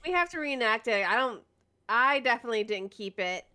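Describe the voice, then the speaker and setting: A woman co-hosting a casual gaming podcast, relaxed and giggly, with frequent hesitant fillers. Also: a little high, a little fast. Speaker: podcast co-host. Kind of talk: casual chat.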